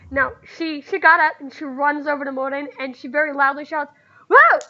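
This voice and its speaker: Woman dungeon master, high bright voice, rambling narration, lo-fi sound. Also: little pitch movement, brisk. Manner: rambling, repeating filler phrases. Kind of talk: narrating a tabletop game.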